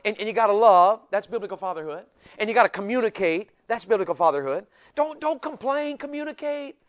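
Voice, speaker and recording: A middle-aged man preaching a sermon to men, swinging between loud and soft and acting out voices. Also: sits high, lively intonation, fairly quick, lo-fi sound.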